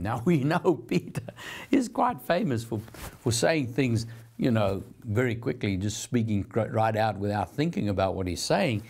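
A male Bible teacher hosts a televised teaching sermon and talks to the viewer directly. His delivery is earnest and encouraging, more conversation than pulpit. His voice sits at an ordinary middle pitch for a man. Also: sing-song, normal speed, vocal fry, a little mellow. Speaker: Bible teacher and program host.

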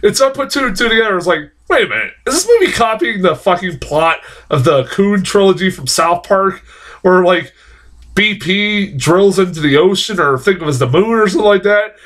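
A man's voice: high voice, lively intonation, brisk, fairly bright tone. A young man giving a casual, rambling film review, swearing often and getting worked up as he talks.

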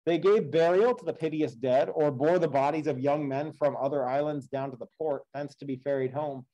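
A male teacher reads an epic poem aloud and slips into casual, chatty asides to explain it. His voice sits a bit high for a man but sounds mellow and relaxed. The asides are loose and conversational, full of fillers. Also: moderate pace, muffled recording. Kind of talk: read-aloud with classroom commentary.

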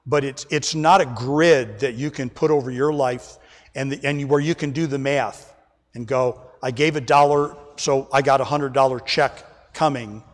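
A man's voice: medium pitch, fairly even intonation, normal speed, long reverb tail. A man preaching an emphatic sermon as pastor, often calling the congregation folks, recorded during a church service. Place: church sanctuary.

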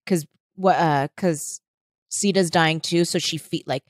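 A woman's voice: low-pitched, a little slow, no room sound, studio quality. A woman co-hosting a podcast in casual chat, talking with lots of "like" fillers and acting out quotes. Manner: chatty, uses many "like" fillers, acts out quotes. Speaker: podcast co-host.

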